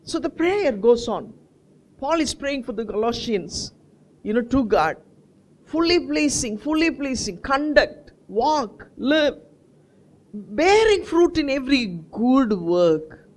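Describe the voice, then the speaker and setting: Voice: high voice, big pitch swings. A preacher delivering a sermon, asking the congregation questions and answering them, and repeating key words for emphasis. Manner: call-and-response questions to the congregation; slow, stretched phrasing.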